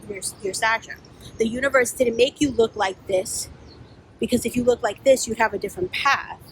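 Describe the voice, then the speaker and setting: A woman's voice: a little high, slight background noise, low-quality recording. Blunt, profane woman telling a personal story. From New York. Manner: blunt, profane, animated, acts out quoted voices. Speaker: spiritual life coach.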